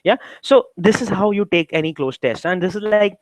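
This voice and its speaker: A man's voice: high voice, expressive, brisk, no room sound, poor audio. A man with an Indian English accent, lecturing on exam preparation and walking through questions step by step with frequent rhetorical questions. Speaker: exam prep tutor. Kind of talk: classroom lecture.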